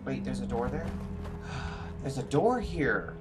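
A sleepy, very tired streamer talks his viewers through live gameplay, rambling as music plays behind him. He speaks slowly in a mid-range voice with big pitch swings.

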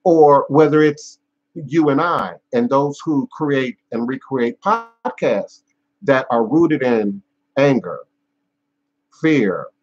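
A man with a husky, slightly breathy voice hosts a live stream as a spiritual teacher. He speaks in a measured, emphatic way, stacking repeated phrases and pausing on fillers. The audio is dull and lo-fi. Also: medium pitch, animated, darkish tone. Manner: frequent fillers and restarts. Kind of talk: unscripted live-stream talk.

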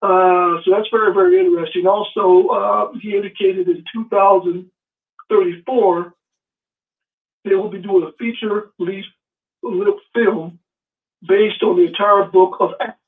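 A man's voice: high voice, fairly even intonation, a little slow. A man calling in to a show, eagerly passing on news point by point. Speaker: caller. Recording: tinny phone line.

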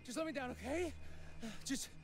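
A man's voice: extremely high pitch, moderate pace, vocal fry. An actor playing a panicked young man in a horror video game, frantic and pleading. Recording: game audio with loud music.

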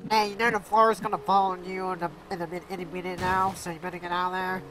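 A man's voice: high-pitched, little pitch movement, fast talker, pushed and bright. A man in casual game chat, goofy and teasing. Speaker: gamer.

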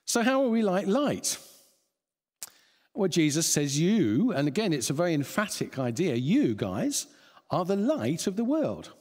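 A man's voice: fairly high pitch, sing-song, measured pace, darkish tone. A man preaching a sermon, chuckling often and restarting phrases as he thinks aloud. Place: church hall. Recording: long church reverb.

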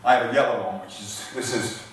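This fitness trainer has a mid-range voice with fairly even intonation and speaks fairly quickly over a faint hiss or hum. Getting breathless while he works out, he addresses a live audience informally, restarting sentences and saying things twice. The sound comes from a distance in a big, reverberant hall.

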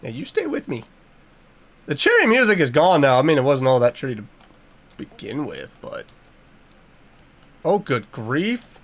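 A man's voice: medium pitch, huge pitch swings, normal speed, pauses often, a bit bright. Man, let's play commentary, reactive, mild oaths, faint hiss behind. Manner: jumpy, reactive, talks to game characters, uses mild minced oaths. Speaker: gaming YouTuber.

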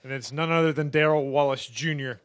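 A man's voice: on the high side, fairly even intonation, fairly quick. A male television reporter formally introducing a driver and asking about the race. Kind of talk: broadcast interview.

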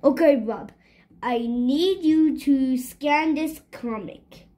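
A woman's voice: high voice, slow pace, warm tone. A woman voicing a vain, grumpy male evil cat scientist in a storybook read-aloud, bossy and boastful.

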